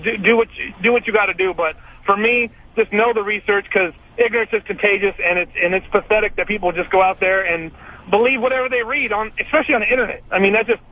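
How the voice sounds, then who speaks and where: Male radio caller, high voice, eager, repeats himself, tinny phone line. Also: steady tone, slight background noise. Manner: eager, repetitive, halting. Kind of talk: call-in talk radio.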